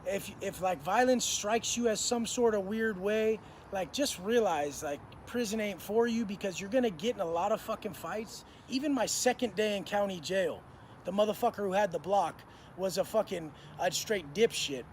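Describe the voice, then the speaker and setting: A man in his thirties shares prison stories to camera in a relaxed but blunt manner, peppered with curses and slang. He speaks in a high voice at a normal pace, with slight background noise.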